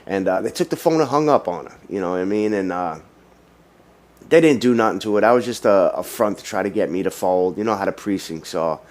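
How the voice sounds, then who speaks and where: A man's voice: sits low, lively intonation, brisk, darkish tone. Streetwise New man telling a story. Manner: streetwise slang, many fillers like "you know". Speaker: vlogger telling his own story. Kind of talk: casual storytelling.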